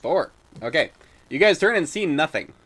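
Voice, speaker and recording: A young man narrating as dungeon master in a loose, halting way, with many fillers and sounds he makes with his mouth. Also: a little high, very animated, a bit bright, slight background noise. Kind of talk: narrating a tabletop game.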